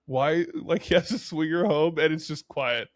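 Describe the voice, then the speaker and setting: Excitable young man on a podcast. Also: fairly high pitch, moderate pace, dry recording, studio quality. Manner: animated, laughing, acts out his own reactions. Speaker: podcast co-host. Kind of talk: casual chat.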